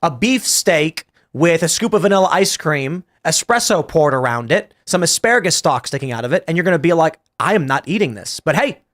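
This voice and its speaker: A male podcast host with a somewhat high voice talks casually and argues his points with animation. He restarts his sentences often and pushes back hard when interrupted. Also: brisk, hardly any pauses. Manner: animated, argumentative, with frequent restarts. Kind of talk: casual political talk show chat.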